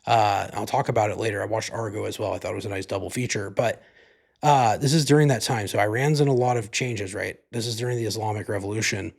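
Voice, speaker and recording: A man's voice: lowish voice, steady tone, fast, creaky, slightly rough. A man hosting a podcast, giving a casual movie review in a rambling, profane way, full of "like" and "you know". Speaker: podcast host.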